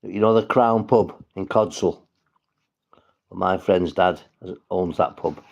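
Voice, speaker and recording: Northwest english bloke rambling on a livestream, sweary, gravelly voice, muffled lo-fi sound. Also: male voice, sits low, slow pace. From St Helens, England. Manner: rambling, sweary, talks straight to viewers. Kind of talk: casual livestream chat.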